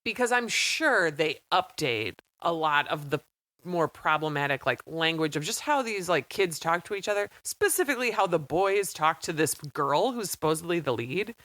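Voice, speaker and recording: A woman in her late thirties, co-hosting a podcast in casual chat, talking in a chatty, animated way and acting out quotes. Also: deep voice, normal speed, no echo. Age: 30s. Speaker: podcast co-host. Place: small studio.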